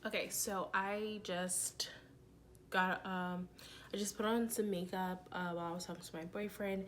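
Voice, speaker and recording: A young woman chats to her camera through her day, rambling easily with plenty of fillers and quick laughs. Her voice sits at an everyday middle pitch, and a faint wash of background noise runs under the recording. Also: fairly even intonation, fairly bright tone, low-quality recording. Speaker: vlogger. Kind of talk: casual vlog chat. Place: home, then out in the city.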